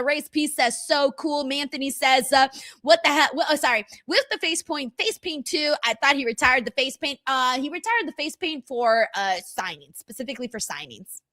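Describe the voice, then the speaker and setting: A high, bright-voiced woman in her thirties hosts a casual live stream. She talks excitably, reads viewer comments aloud and swears freely. Her voice sounds close and dry on the mic. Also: no room sound. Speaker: streamer hosting a watch-along.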